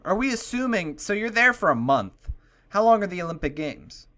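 Rambling deadpan podcast host, man. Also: high voice, normal speed. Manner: rambling, deadpan jokey asides. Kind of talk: casual comedic chat.

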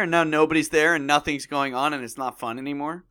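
A young man co-hosting a podcast, excitable and quick to jump in with jokes in casual chat. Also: on the high side, smooth. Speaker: podcast co-host.

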